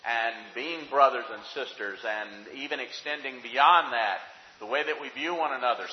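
A man preaching an earnest sermon-style Bible lesson to his congregation, stressing points and sometimes restarting his sentences. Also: medium pitch. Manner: earnest, emphatic, with pauses and restarts. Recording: dull, roomy church hall audio.

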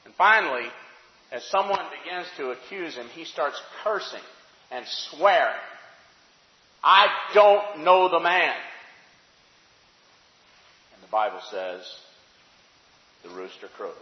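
A man preaching a sermon, telling a story dramatically, dropping to hushed tones and rising to fervent peaks. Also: medium pitch, big pitch swings, a little slow. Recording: echoey hall, dull sound.

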